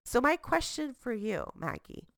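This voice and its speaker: A woman hosting a podcast in casual chat, telling stories in lively, quick bursts. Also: on the high side, creaky, no echo, clean studio sound. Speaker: podcast host.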